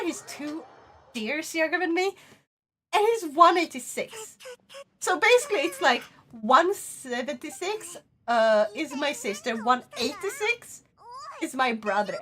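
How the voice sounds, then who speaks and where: A young woman with a Swedish accent chatting on a live stream, excitable and swearing freely. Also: high voice, a little hiss or hum. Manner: excitable, swears freely, loud bursts of laughter. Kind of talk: casual live-stream chat.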